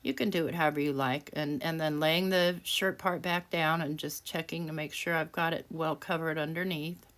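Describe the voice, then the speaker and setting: A woman's voice: deep voice, steady tone, moderate pace, hardly any pauses, a bit bright. A woman hosting a craft tutorial, chatting casually and self-deprecatingly while she works, laughing often. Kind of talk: casual craft demonstration voice-over.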